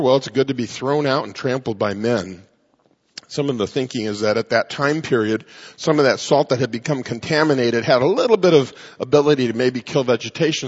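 Male preacher, husky and slightly high, emphatic pulpit delivery, muffled lo-fi sound. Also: in a large hall. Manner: emphatic preaching, drawn-out stresses and wry asides. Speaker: pastor. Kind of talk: sermon.

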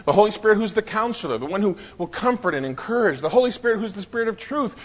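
Male pastor, high husky voice, preaching verse by verse with dramatic pauses. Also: animated, big-room sound. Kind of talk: sermon.

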